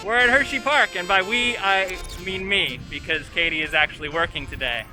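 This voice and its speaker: A man's voice: high-pitched, moderate pace, over music. A man chatting casually as a vlogger, outdoors at an amusement park, upbeat and wry. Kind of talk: casual vlog commentary.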